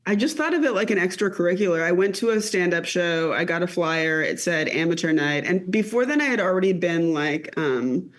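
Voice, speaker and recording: A woman in her late thirties, a comedian guest, chatting casually on a podcast in an animated, rambling way. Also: on the low side, brisk, hardly any pauses. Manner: animated, rambling with many fillers.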